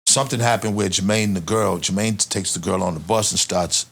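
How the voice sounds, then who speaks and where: A man with a Boston accent, an interview guest telling a long story in a casual, profane, animated way. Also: fairly quick, gravelly. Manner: animated, profane street storytelling, rises in pitch when reliving tense moments.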